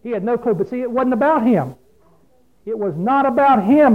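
Folksy preacher man, high voice, plain-spoken, thin phone-like radio sound. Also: lively intonation, brisk. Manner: folksy, plain-spoken, asks the listeners questions. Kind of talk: folksy sermon.

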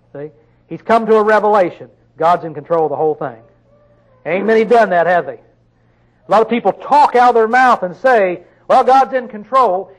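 Male preacher with a high voice; sermon delivery, questioning listeners, with sudden loud emphatic bursts. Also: low-quality recording. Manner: reads scripture slowly and drawn out.

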